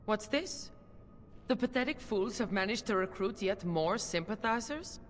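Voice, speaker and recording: A woman's voice: medium pitch, expressive, normal speed, lightly acted. A cruel witch baroness , voiced by a woman, arrogant and imperious, mocking those who defy her. Her voice carries a long reverb tail, with faint noise behind it. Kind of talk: video game voice acting.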